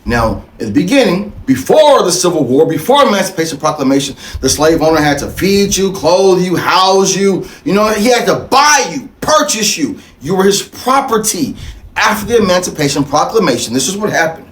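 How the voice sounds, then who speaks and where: A man with a high voice holds forth in a fiery, profane, preaching monologue. His pitch leaps and dips as he hammers his points home through repetition, and the recording has a roomy echo. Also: very animated, moderate pace, a bit bright. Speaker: show host. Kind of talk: impassioned monologue.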